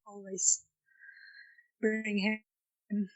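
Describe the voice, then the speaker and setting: A woman player in a tabletop vampire game, speaking earnestly and haltingly. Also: mid-range voice, level tone, rough recording. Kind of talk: tabletop role-play chat.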